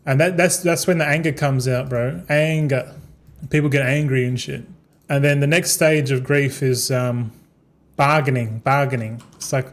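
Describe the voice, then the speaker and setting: A man's voice: medium pitch, fairly even intonation, moderate pace. A young man streaming a game, rambling casually with many restarts and swearing as he talks. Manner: repetitive, stumbling, swears freely. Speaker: gaming streamer.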